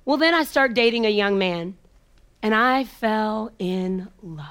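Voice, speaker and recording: A woman speaker telling a personal story with an emphatic, repetitive rhythm and dramatic pauses, sometimes sinking to a hushed near-whisper. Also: medium pitch, expressive, clean tone. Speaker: motivational speaker.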